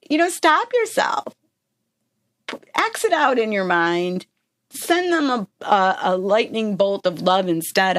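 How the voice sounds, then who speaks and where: Her voice sits on the high side and sounds a bit bright, captured with clean studio quality and no room sound. As a podcast host, she delivers motivational self-help talk in an earnest, easygoing way, frequently checking in with "right?" and "okay?".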